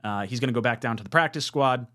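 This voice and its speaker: A man in his thirties giving casual fan commentary as a podcast host, frustrated, swinging between low mutters and loud outbursts. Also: fast. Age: 30s.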